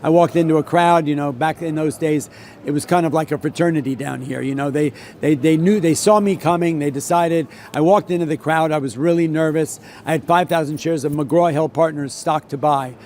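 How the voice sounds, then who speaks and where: Older New man, veteran trader, rambling storyteller, slightly high voice, faint noise behind. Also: fairly even intonation, a little fast, darkish tone. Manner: rambling, many restarts and repeats. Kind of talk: solo talk with anecdote.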